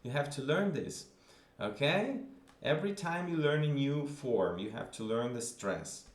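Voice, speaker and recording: A man's voice: medium pitch, lively intonation, measured pace, reverberant. A man teaching a grammar lesson, patiently repeating examples and checking in with the listener. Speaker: language teacher.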